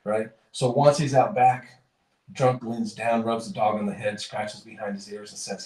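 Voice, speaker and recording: A man's voice: on the low side, flat delivery, moderate pace, darkish tone. Rambling man telling stories on a podcast. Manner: rambling, self-correcting, chuckling storyteller. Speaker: podcast host. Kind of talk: casual chat and joke telling. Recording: roomy, distant mic.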